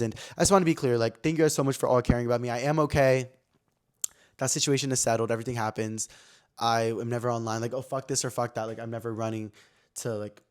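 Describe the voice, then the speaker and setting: A young man hosting his own podcast, telling stories in a chatty, slangy way with lots of fillers. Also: medium pitch. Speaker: podcast host. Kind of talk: casual chat.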